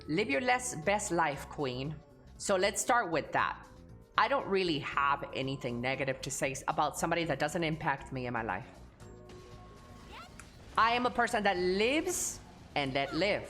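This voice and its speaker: Woman, young adult, streamer, blunt, profane, lively pitch swings, faint background music. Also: normal speed, long pauses. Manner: blunt and profane, reading chat aloud and answering. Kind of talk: casual live-stream chat.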